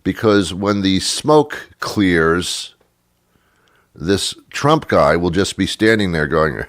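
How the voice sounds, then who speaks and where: A man with a low voice hosts a talk show, rambling through a joking monologue. His pitch swings widely as he teases himself and his listeners. The studio sound is dry and close. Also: sing-song, takes it slowly, fairly bright tone, no echo. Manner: chatty and self-mocking, slipping into silly put-on voices.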